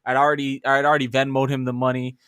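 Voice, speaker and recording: A young man from the New York City area, a podcast co-host, telling a story in casual chat, animated and swearing as he acts out his own reactions. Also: medium pitch, quick pace, clean tone, no echo.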